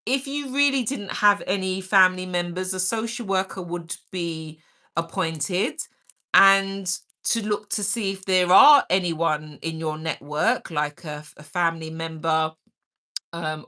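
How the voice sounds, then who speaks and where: Pushed and bright, on the low side: that's the sound of this middle-aged woman hosting a livestream. She reads viewers' comments aloud, chatting energetically and caringly.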